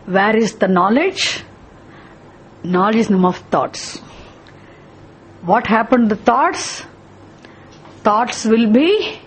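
A woman's voice: medium pitch, slight background noise. A woman teaching a scripture class, explaining terms step by step and often asking the class questions. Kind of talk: scripture lesson.

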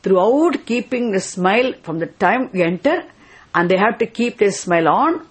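A woman's voice: mid-range voice, expressive, moderate pace, breathy edge. A woman teaching scripture, explaining a chanted verse word by word and patiently repeating key terms.

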